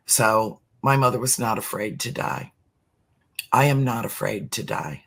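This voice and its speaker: A middle-aged speaker talking earnestly about spirituality as a podcast guest, slowing down to stress words. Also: mid-range voice, husky. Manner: earnest, emphatic, slows for emphasis. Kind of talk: heartfelt spiritual talk.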